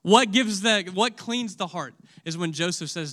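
Male preacher, high pitch, emotional sermon delivery that swings between loud and hushed. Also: expressive, unhurried, few pauses. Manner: asks audience questions.

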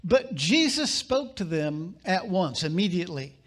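A male pastor delivering a sermon, reading scripture aloud with dramatic pauses and sudden bursts of emphasis. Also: sits high, sing-song, fairly bright tone.

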